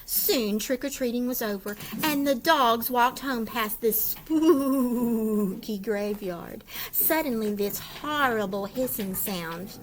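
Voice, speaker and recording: A woman's voice: fairly high pitch, slow, slight background noise, poor audio. A woman reading a children's picture book aloud expressively, asking her listeners questions. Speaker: storyteller.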